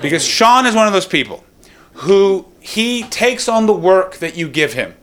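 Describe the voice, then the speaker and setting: A young man performing stand-up comedy, ranting in a profane, animated way. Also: high-pitched, measured pace.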